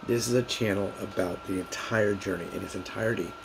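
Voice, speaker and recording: Male vlogger, deep rough voice, unscripted and rambling, with lots of restarts. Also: steady tone, brisk, background noise. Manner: rambling, repetitive, many restarts and fillers. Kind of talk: casual unscripted vlog monologue.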